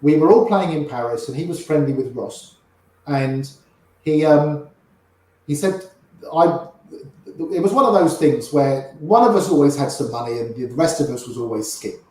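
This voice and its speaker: An older man, an interview guest, telling lively anecdotes and acting out the voices of the people in them. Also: a little high, normal speed, very echoey, rough recording. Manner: lively raconteur, acts out quoted voices. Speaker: interview guest, poker player. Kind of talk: anecdotal storytelling.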